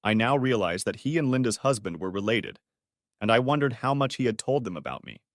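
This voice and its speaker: A man narrating a story audiobook in a steady, expressive reading style. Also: medium pitch, brisk, dry recording, clean studio sound.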